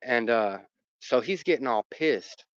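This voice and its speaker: Guy rambling through a story w lots of ums, dull muffled audio, mid pitch. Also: expressive, a little slow, no echo. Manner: rambling, lots of fillers and restarts. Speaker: dog owner telling a personal story. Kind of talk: casual storytelling. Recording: muffled dry recording.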